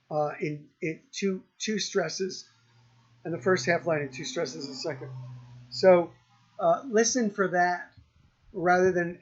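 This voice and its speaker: A male lecturer talks through a poem in a slow, unhurried way, often stopping and restarting his sentences. His voice sits fairly high for a man. The recording is dull and a little lo-fi. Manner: halting, many ums and restarts, slow and thoughtful. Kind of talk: university lecture.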